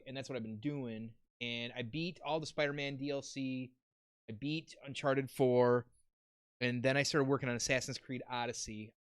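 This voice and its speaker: Man, podcast host, mid pitch, smooth clear voice, laid-back and rambling, dry sound. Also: dry recording. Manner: laid-back, swearing, rambling gamer talk. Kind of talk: casual chat.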